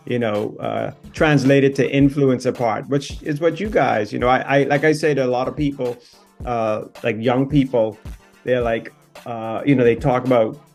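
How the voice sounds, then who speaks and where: A relaxed, easygoing man in his fifties speaks with a Bahamian-New York accent. His voice sits at a middle pitch, and faint music plays behind him. He talks in loose, meandering sentences full of fillers. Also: normal speed, vocal fry. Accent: Bahamian-New York mix. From born in New York, raised in the Bahamas. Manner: laid-back, rambling, many "you know" fillers. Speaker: TV host, guest. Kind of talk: casual interview chat.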